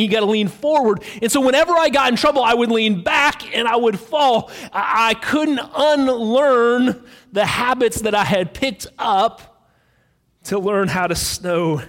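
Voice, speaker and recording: Brief: male pastor, high voice, casual storytelling sermon, long hall reverb. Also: fairly bright tone. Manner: conversational storytelling with fillers.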